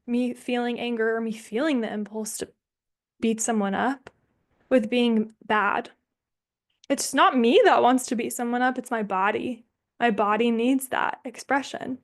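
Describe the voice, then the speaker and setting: This young woman's voice is fairly high-pitched. She's hosting a somatics workshop online by video call, speaking in a loose, candid way, swearing without hesitation and thinking aloud with pauses.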